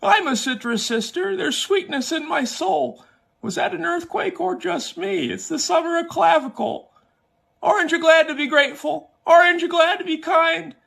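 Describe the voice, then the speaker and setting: Man singing a bouncy orange she-bear, very high, gravelly. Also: normal speed, fairly bright tone, heavily acted. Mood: cheerful. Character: cheerful female orange bear, grateful. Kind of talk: sung comic song.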